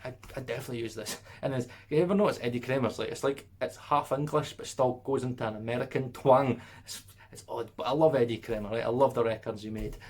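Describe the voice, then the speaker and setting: A man's voice: mid-range voice, quick pace. A man hosting a casual review vlog, talking in a rambling, chatty way with lots of asides and tag questions, and laughing between words. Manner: laughs mid-sentence. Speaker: audio plugin reviewer, channel host.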